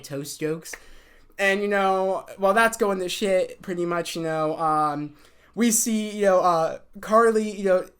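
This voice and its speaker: A young man casually recapping a TV episode, rambling with lots of fillers and restarts. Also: high-pitched. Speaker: show reviewer.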